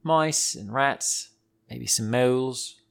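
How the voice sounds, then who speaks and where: Man, kids' podcast host, silly, animated, rambling, playful storytelling. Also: mid-range voice, slow pace, vocal fry, clean tone. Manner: silly, animated, goes off on tangents.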